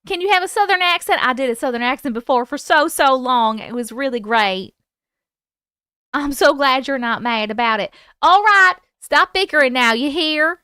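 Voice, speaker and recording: A woman's voice: sits high, normal speed, a bit bright, clear, resonant tone, no echo, clean studio sound. A woman in her thirties hosting a livestream, chatting playfully with viewers and reading their stories aloud. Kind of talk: casual live chat and story reading.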